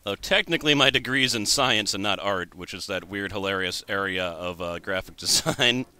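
A man's voice: on the low side, moderate pace, pushed and bright, smooth. A man in his twenties giving wry gameplay commentary. He thinks aloud and jokes at his own expense. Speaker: let's play host.

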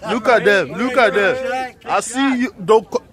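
Guy hyped up at a car show outdoors, high voice, playful and loud about the cars. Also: a little slow, crowd noise. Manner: playful, exclaiming, talking to the camera. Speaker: vlogger at a car meet. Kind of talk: excited walk-around vlog.

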